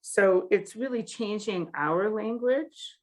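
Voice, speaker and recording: A woman's voice: mid-range voice, slow pace. A woman co-hosting a podcast, talking in a thoughtful, hesitant way with many fillers in a casual discussion.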